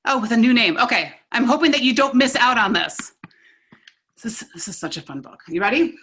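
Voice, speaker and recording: A woman leading a children's online camp class, speaking in an animated, encouraging way and narrating imagined trips for the kids. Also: on the high side, fairly quick, slight background noise, poor audio. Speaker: camp instructor.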